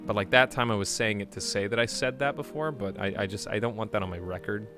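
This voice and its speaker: A young adult man streaming a game, chatting playfully with his viewers and breaking into sudden loud shouts. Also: fairly low pitch, quick pace, over music. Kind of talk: casual live-stream chat.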